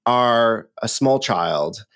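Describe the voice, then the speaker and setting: Candid male podcast co-host, mid-pitched, playful and conversational. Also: expressive, extremely slow, a bit bright, clear, resonant tone. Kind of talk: casual podcast chat.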